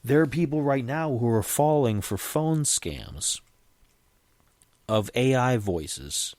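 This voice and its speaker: A man's voice: medium pitch, lively intonation, takes it slowly, a little mellow, dry recording. A man hosting his own podcast, talking casually in a rambling way with frequent restarts. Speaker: podcast host. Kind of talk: casual solo podcast talk.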